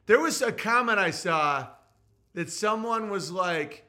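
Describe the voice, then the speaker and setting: Brash, bright-voiced man ranting on a stream. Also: high-pitched, animated, slow. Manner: loud, rambling and mocking, often swinging into mock voices. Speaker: podcast host. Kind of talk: livestream monologue reading chat.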